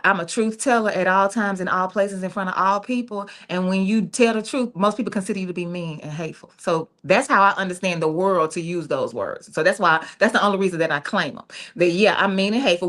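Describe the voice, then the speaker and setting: A woman's voice: mid-range voice, a bit bright. A middle-aged woman radio co-host, telling a personal story in a candid, folksy way and laughing often.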